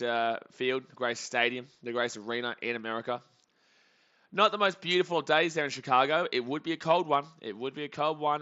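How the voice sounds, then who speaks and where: A young man hosting a live baseball reaction stream, calling plays and reading chat comments aloud in an excitable way. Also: mid-range voice, smooth, highs cut off. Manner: excitable, reads out chat comments between calls.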